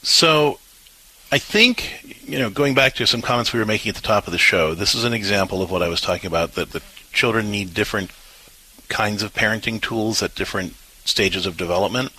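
A man co-hosts a parenting advice talk show, explaining calmly and earnestly. His voice sits low and sounds husky, with a bright, forward edge. He often repeats words as he works through a thought. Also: fairly quick, low-quality recording.

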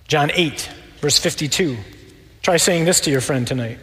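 A man preaching a sermon in an animated, wry, conversational way. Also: on the high side, moderate pace, long reverb tail.

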